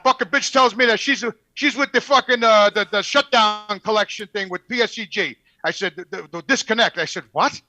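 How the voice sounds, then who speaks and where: New guy ranting thru a story, swears a lot, fast talker. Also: high-pitched, no room sound. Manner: profane, excitable storyteller. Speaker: podcast regular. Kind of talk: storytelling on a podcast.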